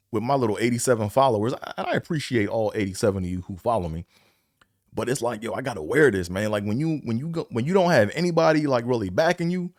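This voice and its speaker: A man's voice: mid-range voice, no room sound, studio quality. A man hosting his own podcast, talking casually and rambling in slangy bursts, often repeating himself. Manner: slangy and conversational. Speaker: podcast host. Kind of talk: casual solo podcast talk.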